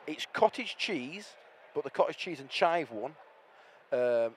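Animated high-voiced man. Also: unhurried, breathy edge. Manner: animated, playful, mocking. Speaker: podcast co-host. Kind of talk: casual football podcast chat. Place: outdoors at a football stadium.

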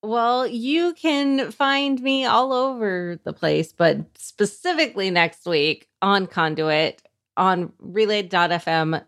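Woman podcaster, middle pitch, playful, teasing, relaxed chat. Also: slow. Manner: playful and teasing, plugs her shows. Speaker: podcast host.

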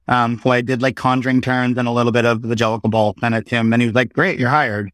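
A man in his thirties chats as an interview guest in a mid-range voice. He tells stories with animated asides and quick shifts of pace. The sound is dry and close, with no room echo. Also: mid-range voice. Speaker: guest, Broadway performer. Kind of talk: casual interview chat.

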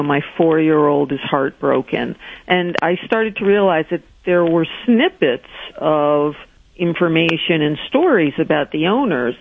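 A woman's voice: low-pitched, gravelly. A woman, a therapist and guest author, telling a story in a radio interview and acting out the voices she quotes. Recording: dull lo-fi sound with faint noise.

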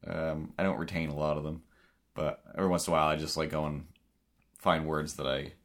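Podcast co-host, male, Cape Breton accent, very deep voice, rambling casual talk full of fillers. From Cape Breton, Canada. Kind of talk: casual chat.

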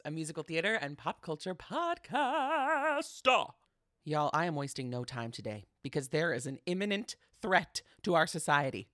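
A man's voice: fairly high pitch, bright, forceful tone, no room sound, studio quality. Dramatic, gushing male podcast host. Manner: dramatic, gushing, chatty, keeps saying "you guys". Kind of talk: casual podcast monologue.

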